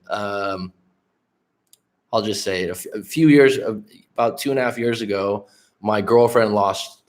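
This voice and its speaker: A man in his late 30s with a voice on the low side, he's a life coach host from the San Francisco Bay Area. He tells a story candidly and conversationally on a casual livestream, swearing often.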